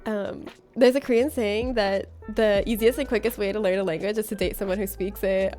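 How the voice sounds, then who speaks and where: Chatty, high-voiced woman streamer from Florida. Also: fairly quick, few pauses, a little mellow, soft background music. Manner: chatty and playful, laughs often, reads chat aloud. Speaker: livestreamer. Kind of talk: casual chat reading viewer messages on a game stream.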